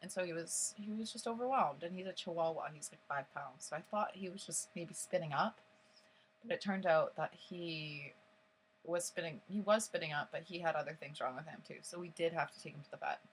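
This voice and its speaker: A woman's voice: on the low side, fairly quick, a little hiss or hum. A young woman telling a story vlog-style, rambling with lots of "like" fillers and getting emotional as she recounts. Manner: emotional and animated while recounting. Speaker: vlogger.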